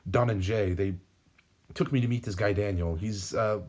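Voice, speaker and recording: A stern, earnest young man of a superhero, read out by a man in his own low voice. He speaks plainly and with urgency, barely shifting from the narrator's natural tone. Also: normal speed, darkish tone, lightly acted. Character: young adult male speedster hero, stern and earnest.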